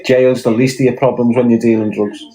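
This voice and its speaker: A man's voice: medium pitch, little pitch movement, fairly quick, warm tone, low-quality recording. A Scouse man talking bluntly in casual chat, swearing often and firing off rhetorical questions. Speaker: podcast guest.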